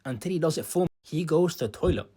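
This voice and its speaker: A young man with a high-pitched voice tells a comic story from his own life, playing it up for laughs. His delivery swoops all over the place, jumping from loud boastful outbursts to low muttered asides. It sounds like a casual storytime vlog. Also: expressive, fast talker, slightly rough. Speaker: storytime vlogger.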